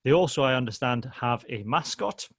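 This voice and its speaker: A man's voice: mid-range voice, expressive, a little fast, dry recording. A man hosting a casual podcast chat, explaining at length with frequent ums and hesitations. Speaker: podcast host.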